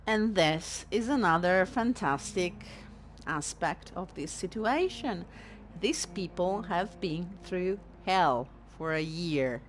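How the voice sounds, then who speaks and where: A woman's voice: fairly low pitch, animated, takes it slowly, a little hiss or hum. A young woman with an Italian accent, host of a let's play, commenting on a game in an emotional, rambling way and swearing. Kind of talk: casual gameplay commentary.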